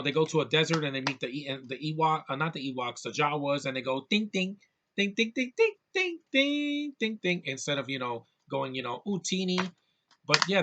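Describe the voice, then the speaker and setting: A man's voice: on the high side, dull audio, noisy background. A man giving a casual, rambling movie review, sarcastic and full of restarts.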